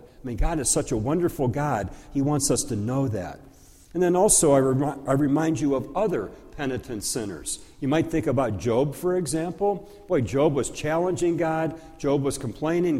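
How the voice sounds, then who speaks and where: A pastor explaining a church liturgy in a slow, conversational teaching style, with occasional fillers. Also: male voice, on the high side, animated, dark tone. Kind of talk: teaching sermon. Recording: long hall reverb.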